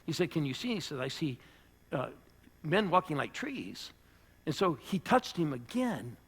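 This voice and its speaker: An older man, a pastor, preaching to a church audience and telling a personal story, rising to loud bursts and dropping to hushed lines. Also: on the high side, big pitch swings, moderate pace, husky. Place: church service before a live audience.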